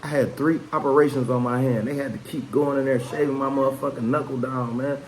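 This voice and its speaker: Speaking briskly in a steady, medium-pitched voice, a vlogger rambles through a personal story to the camera, swearing casually and dropping "man" and "you know what I'm saying" throughout. The audio is poor with slight background noise, and he grows louder and more heated when recounting the fight.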